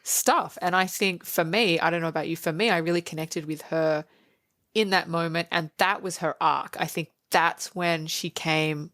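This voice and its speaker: A woman co-hosting a podcast, chatting casually about a movie and acting out quoted lines with animated energy. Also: on the low side, normal speed, no room sound, clean studio sound. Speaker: podcast co-host. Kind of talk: casual movie review chat.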